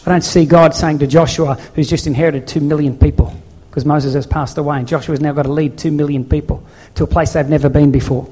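A man's voice: a little high, steady tone, brisk, hardly any pauses, warm tone, breathy edge. A man preaching a sermon as pastor in a church, earnest and pleading, with many rhetorical questions.

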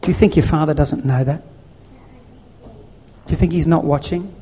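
A man's voice: fairly high pitch, moderate pace, dark tone, breathy edge. A man preaching a sermon as pastor in a church, earnest and pleading, with many rhetorical questions.

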